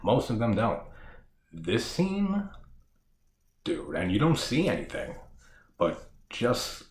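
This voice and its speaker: Deep-voiced man rambling through a horror recap. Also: wildly swooping pitch, takes it slowly. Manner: rambling, heavy swearing, frequent laughter and filler words. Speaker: horror film reviewer, channel host. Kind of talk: casual spoken film recap. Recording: echoey room with faint background noise.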